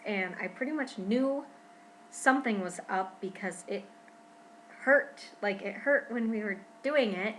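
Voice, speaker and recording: A young woman talking casually to her camera at home in a pregnancy vlog, chatty and expressive, often saying "freaking". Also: mid-range voice, a little hiss or hum, rough recording. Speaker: vlogger.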